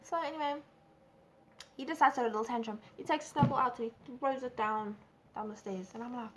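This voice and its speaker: A young woman with a South African accent telling a storytime vlog, animated and acting out quotes. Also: a little fast, a little hiss or hum. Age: young adult. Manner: animated, acts out quotes with big pitch jumps. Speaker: vlogger. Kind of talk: casual storytime.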